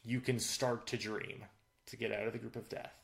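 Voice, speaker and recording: A man's voice: medium pitch, flat delivery, fairly quick, creaky, fairly bright tone. A man co-hosting a sports podcast, chatting casually about football results with lots of fillers and restarts. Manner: filler-heavy, restarts often. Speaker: podcast co-host.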